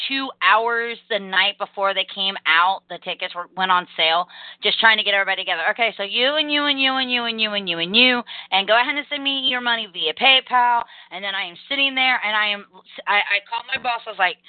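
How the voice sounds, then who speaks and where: A young adult woman hosting a casual podcast, talking in fast energetic rambles and acting out quotes. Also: mid-range voice, no echo. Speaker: podcast host. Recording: tinny phone-line call audio.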